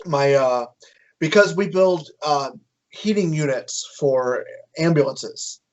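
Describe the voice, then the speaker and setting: A man co-hosting a casual podcast, joking and cursing, with many ums and halting restarts. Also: a little high, lo-fi sound. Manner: joking, profane, halting with fillers. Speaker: podcast co-host.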